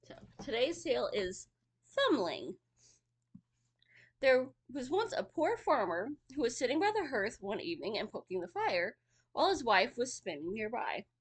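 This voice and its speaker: Female storyteller, casual read-aloud with chatty asides, animated delivery. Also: a little high, normal speed, slightly rough. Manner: chatty asides between reading.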